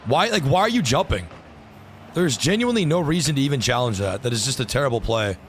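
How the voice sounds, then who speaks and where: A man's voice: medium pitch, lively intonation, quick pace, a little hiss or hum. A man livestreaming a game, talking to chat in frustrated rants and swearing freely. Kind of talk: gaming livestream commentary.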